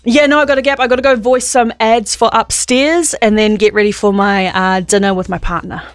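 A woman in her thirties with a New Zealand accent, chatting casually on air as a radio presenter, upbeat and quick to laugh. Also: a little high, steady tone, dry recording, studio quality. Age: 30s.

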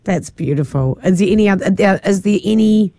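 A woman's voice: mid-range voice, lively intonation, a little fast, mellow. A woman, hosting a radio show and asking curious questions. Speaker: radio host. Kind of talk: casual radio chat.

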